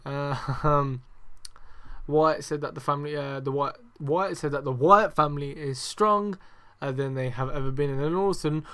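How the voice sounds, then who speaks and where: A man's voice: on the high side, bright, forceful tone, clean tone. A young man hosting a casual review podcast, ranting and swearing freely with lots of fillers. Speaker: podcast host.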